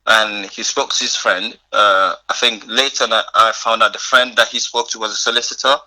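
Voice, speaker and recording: Bright-voiced young man telling his story. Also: lowish voice, a little fast, poor audio. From Africa. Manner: animated, acts out quoted dialogue, frequent laughs. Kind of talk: casual storytelling in conversation.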